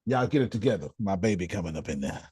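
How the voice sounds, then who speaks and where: A man's voice: sits low, lively intonation, fast, darkish tone, slightly rough, no room sound, pitched below the performer's own voice, heavily acted. Man voicing God as a scolding, protective father. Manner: bossy, scolding.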